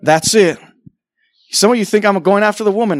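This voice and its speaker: Fiery high-voiced man preaching a sermon. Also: lively intonation, moderate pace, no room sound. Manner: impassioned, climbing to near-shouts; preaches with rhetorical questions and acted-out dialogue. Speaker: pastor. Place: church sanctuary.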